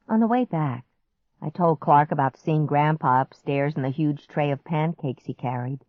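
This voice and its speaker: A woman narrating a children's story in the first person, slow and expressive. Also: low voice, dry recording. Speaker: audiobook narrator. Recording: dry, slightly muffled audiobook recording.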